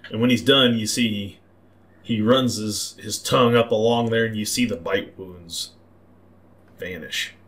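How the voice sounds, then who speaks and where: A man narrating a tabletop role-playing game as game master, describing scenes in a halting, repeating way. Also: lowish voice, steady tone, a bit bright.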